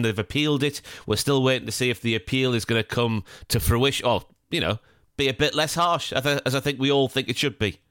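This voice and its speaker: Bright, sarcastic male podcast co-host. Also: mid-range voice, clean tone, dry recording, studio quality. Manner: sarcastic, sweary and sardonic. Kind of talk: casual football chat.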